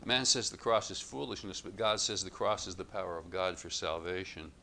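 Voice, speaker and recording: A man with a low voice preaching a sermon, his tone bright and forceful. He speaks in a measured, emphatic way, leaning into each contrast he draws. Faint background ambience sits behind him. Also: a little hiss or hum. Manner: measured, emphatic contrasts, rising louder on quotes.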